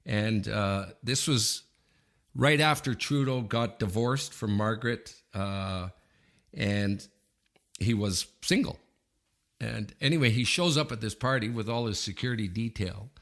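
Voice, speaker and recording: A man in his fifties from Canada, co-hosting a podcast and telling an anecdote in a lively way, often checking in with "okay?". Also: fairly low pitch, measured pace. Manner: animated anecdote teller, frequent "okay?" check-ins. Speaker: podcast co-host. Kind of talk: casual storytelling.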